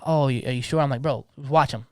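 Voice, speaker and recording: Young man, quick passionate slangy talk, stumbles and repeats words, podcast guest. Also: medium pitch, steady tone, no echo, clean studio sound. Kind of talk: casual podcast conversation.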